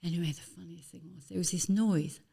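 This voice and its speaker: A woman guest on a podcast, chatting casually and telling lively, animated stories, with apologetic asides. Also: fairly low pitch, fast talker, vocal fry, breathy edge. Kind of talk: casual anecdotal interview chat.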